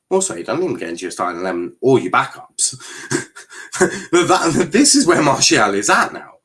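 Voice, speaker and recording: A man's voice: medium pitch, moderate pace. A man hosting a live football watchalong, giving casual commentary on the match and answering chat with blunt, sweary reactions. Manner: animated, sweary, reacts to play and chat messages. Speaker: watchalong streamer host.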